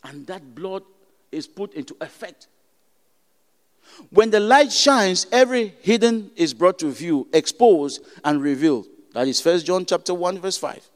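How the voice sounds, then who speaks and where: A male preacher with a Cameroonian accent delivers a sermon in a high-pitched voice. He presses points home by repeating phrases and stumbles through restarts when he tells a story. His voice rings with the long reverb of a hall. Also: animated, measured pace. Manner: emphatic, repeats phrases, stammers into stories.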